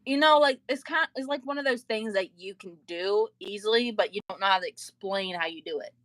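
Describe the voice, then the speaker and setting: A woman's voice: medium pitch, a little fast, fairly bright tone, dry recording. Woman streamer, casual storyteller, loose and laughing, dry close mic. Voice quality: filler-heavy, laughs often while telling stories. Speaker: livestream host. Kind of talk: casual chat.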